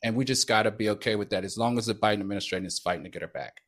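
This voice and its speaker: A man's voice: lowish voice, racing, a bit bright. A man co-hosting a casual news talk show, making his points with emphatic, punchy delivery. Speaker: co-host.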